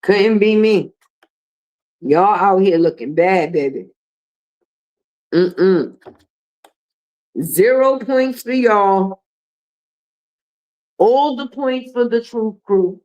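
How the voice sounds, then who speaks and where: A woman's voice: medium pitch, very slow, long pauses, a little mellow, lo-fi sound. Middle-aged woman doing a livestream, blunt and cussing a lot, sassy casual chat. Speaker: livestream host.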